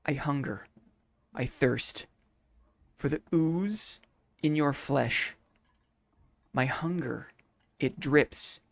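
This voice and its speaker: A man voicing a hungry, creeping mimic monster, reciting a riddle in a slow, hushed, low tone. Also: gravelly, no echo, heavily acted.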